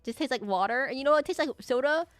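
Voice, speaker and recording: A woman's voice: high voice, animated, rapid-fire, no room sound, soft background music. A young woman streamer chatting casually with her live audience, rambling with many fillers, restarts and laughs.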